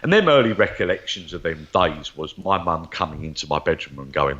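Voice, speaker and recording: A man's voice: low-pitched, animated, fairly quick, fairly bright tone, highs cut off. A man, a psychic medium, telling stories from his life in an interview, rambling and repeating words as he goes. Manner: rambling, repeats words, acts out remembered dialogue. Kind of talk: interview storytelling.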